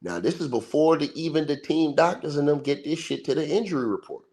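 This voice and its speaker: A man's voice: fairly high pitch, brisk, darkish tone. Guy ranting about sports on a livestream, slangy and emphatic, keeps repeating himself. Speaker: livestream host. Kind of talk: casual sports commentary. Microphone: livestream mic.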